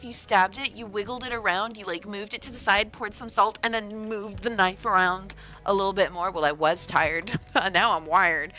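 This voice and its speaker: A woman author on a livestream, reading a news report aloud and breaking in with animated, disbelieving exclamations. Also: medium pitch, normal speed, hardly any pauses, soft background music, low-quality recording. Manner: animated, exclaiming in disbelief between read-out passages. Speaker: author livestreaming a writing session.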